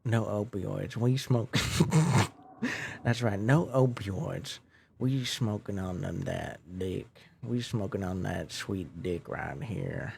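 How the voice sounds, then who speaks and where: A man's voice: lowish voice, slow pace, gravelly, a little mellow, slight background noise. A man voicing a folksy middle-aged Appalachian mountain man, with a drawling, homespun way of preaching.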